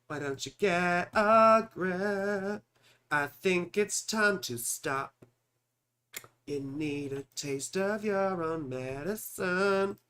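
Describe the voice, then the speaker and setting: A man's voice: sits high, a bit bright, clean tone. A man in his forties from California, an astrologer chatting and rambling through live chart readings, muttering while he searches and talking to viewers by name. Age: 40s. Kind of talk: casual live-stream chat.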